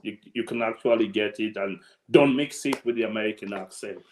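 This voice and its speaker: A man's voice: fairly low pitch, brisk, darkish tone, roomy sound, a little hiss or hum. A man from Sierra Leone with a Sierra Leonean accent, hosting an event on a video call, chatty and full of anecdotes. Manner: chatty, anecdotal, laughs often. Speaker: event host.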